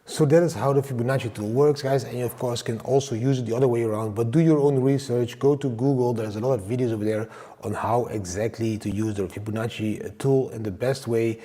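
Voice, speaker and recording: Upbeat man with a mellow voice. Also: mid-range voice, fairly quick, long reverb tail. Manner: enthusiastic, repeats "guys" and "for example". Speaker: crypto YouTuber. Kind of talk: casual monologue with trading and travel tips.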